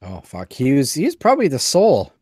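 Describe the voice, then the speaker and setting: A man's voice: medium pitch, huge pitch swings, a little fast, a little mellow, no room sound. A man co-hosting a casual talk show, rambling and hesitant as he thinks aloud. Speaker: podcast co-host. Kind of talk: casual chat.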